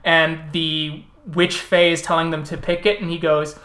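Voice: medium pitch, level tone, unhurried, fairly bright tone. A podcast host in casual chat about tabletop games, telling stories with frequent laughter. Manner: storytelling, laughs often. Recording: roomy echo.

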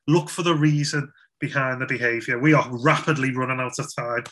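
A man's voice: mid-range voice, steady tone, brisk, a bit bright. A young man giving a casual, chatty Christian talk to young people, with frequent restarts and fillers. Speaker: youth speaker.

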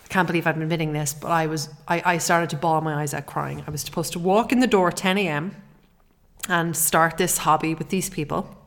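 A woman's voice: low voice, fairly even intonation, fairly quick. A middle-aged woman hosting a podcast, talking in an earnest, heartfelt way with frequent restarts. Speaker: podcast host. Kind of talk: personal podcast monologue.

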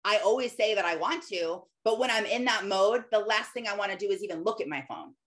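A woman's voice: mid-range voice, fairly quick, fairly bright tone. A woman in her thirties giving an earnest, conversational talk about faith to her followers, slipping into quoted voices as she goes. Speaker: Christian business owner sharing faith.

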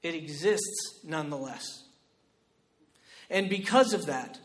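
A man preaching a sermon as pastor, shifting between loud, emphatic exhortation and quiet personal storytelling. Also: a little high, a little slow.

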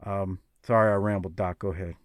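A man's voice: sits low, fairly even intonation, fairly quick, no room sound, clean studio sound. Rambling man on a podcast. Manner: rambling, heartfelt tribute with many restarts. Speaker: podcast host. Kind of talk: casual podcast chat.

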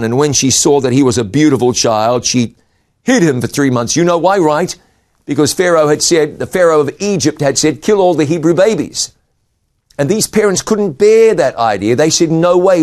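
A man preaching a sermon, reading scripture aloud and retelling it with lively rises and drops in pitch and volume. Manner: expressive Bible reading with shifting pitch and volume.

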